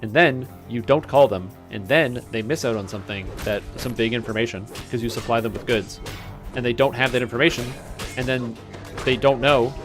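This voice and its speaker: A man's voice: mid-range voice, a little fast, music in the background. A young man streaming a game, chatting casually and rambling through stories. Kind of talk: casual chat while gaming. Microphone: webcam-streaming setup.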